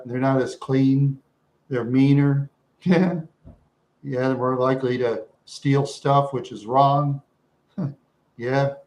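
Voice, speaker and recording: A man with a medium-pitched, darkish voice hosts a livestream, loosely chatting with viewers. He rambles and repeats himself, laughing often and saying "yeah" again and again.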